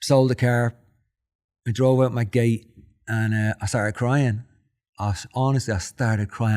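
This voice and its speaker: A man's voice: medium pitch, normal speed. A man in his forties with a Dublin Irish accent sits as a guest in a casual interview. His voice is in the middle range for a man, and he tells his stories with feeling. He slips into his own quoted lines as he talks. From Ireland. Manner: emotional, animated storyteller who acts out his own quotes. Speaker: podcast guest.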